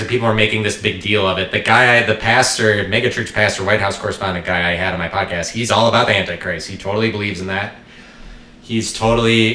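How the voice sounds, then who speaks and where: A man's voice: on the low side, pushed and bright, reverberant. A man hosting his own podcast, talking alone in a rambling, joking, irreverent way and swearing now and then. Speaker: podcast host. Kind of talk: rambling solo podcast monologue.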